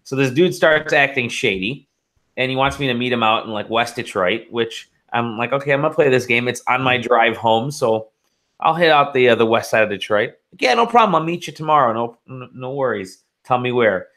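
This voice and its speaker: A man's voice: mid-range voice, a little fast, a bit bright. Rambling man telling podcast stories. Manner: rambling storyteller, swears and laughs often. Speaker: podcast co-host. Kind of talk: casual podcast chat.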